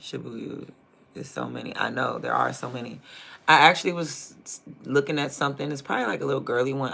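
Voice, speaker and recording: Creaky, bright DMV-accented streamer man. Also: mid-range voice, a little fast. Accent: DMV (Washington, D.C. area). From Prince George's County, Maryland. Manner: rambling, thinks aloud, trails off mid-sentence. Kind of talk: casual livestream chat.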